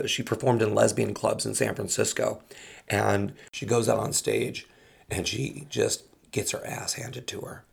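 Male storyteller, gravelly and husky, animated anecdote delivery. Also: lowish voice. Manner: acts out quoted voices, restarts often. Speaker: comedian telling a story.

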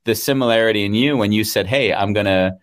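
A man's voice: lowish voice, quick pace. A man co-hosting a podcast who responds with enthusiasm and relates his own stories. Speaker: co-host. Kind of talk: casual chat.

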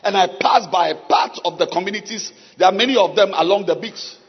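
A man preaching a sermon, with long pauses and sudden shouts. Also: sits high, husky, faint music behind. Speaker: pastor. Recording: dull sound with long hall reverb.

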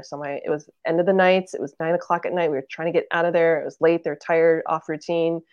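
A woman's voice: deep voice, fairly even intonation, fast, hardly any pauses, a little mellow, no echo, dull audio. A woman in her thirties, a podcast guest, earnestly telling a family story in casual conversation and acting out what relatives said. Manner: earnest storytelling, acts out quoted family members.

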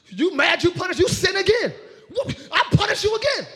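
A man preaching a sermon as pastor to a live church congregation, shouting and half-singing his points and acting out quarrels in quick voices. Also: extremely high pitch. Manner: preaching with shouts and sung rises.

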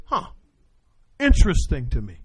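A man's voice: on the high side, normal speed, slightly rough. A male pastor preaching a sermon, calling out questions to the congregation and answering them himself. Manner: call-and-response preaching, animated.

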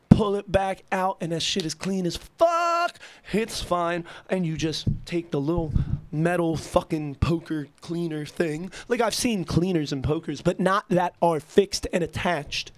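A young man telling a rambling, excitable story into a computer mic, swearing constantly. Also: sits high, dry recording. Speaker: vlogger. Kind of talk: casual rambling monologue. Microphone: computer mic at a keyboard.

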